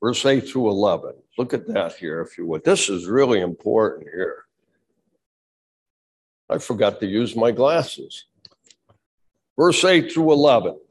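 Man, pastor, fervent sermon, unhurried delivery, sudden shouts. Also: fairly low pitch, sing-song. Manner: fervent preaching that swings from quiet to shouting.

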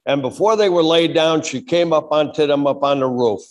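A middle-aged male pastor preaching a sermon with fervor, dropping low and then shouting. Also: normal speed. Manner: fervent preaching that swings from quiet to shouting.

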